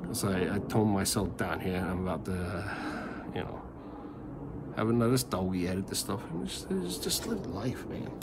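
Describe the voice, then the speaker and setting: A man's voice: low-pitched, lively intonation, moderate pace, gravelly, heavy background noise. A middle-aged man vlogging a frustrated, rambling rant to the camera, repeating himself and swearing, recorded on a phone. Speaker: family vlogger.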